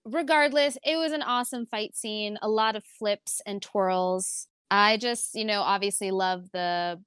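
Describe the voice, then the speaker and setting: A woman's voice: medium pitch, measured pace, fairly bright tone, clean tone, no room sound, studio quality. A woman co-hosting a podcast, chatting casually and enthusiastically about a TV episode, laughing often and rambling with fillers. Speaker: podcast co-host. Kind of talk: casual TV recap chat.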